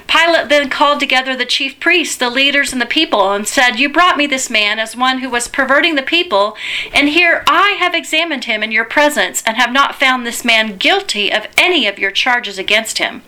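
A woman giving a measured, deliberate liturgical Bible reading as a scripture reader. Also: high voice, animated, pushed and bright.

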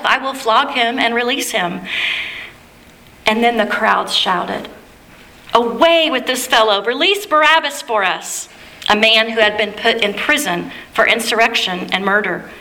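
A woman giving a measured, reverent liturgical reading of a scripture passage. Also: fairly high pitch, sharp tone. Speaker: scripture reader.

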